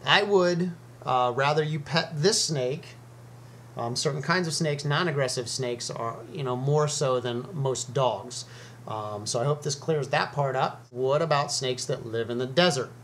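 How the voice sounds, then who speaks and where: A man's voice: mid-range voice, measured pace, a bit bright, slight background noise. Chatty man explaining snakes to camera. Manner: chatty and easygoing, with frequent ums and uhs. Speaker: snake educator and video host. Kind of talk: casual educational talk to camera.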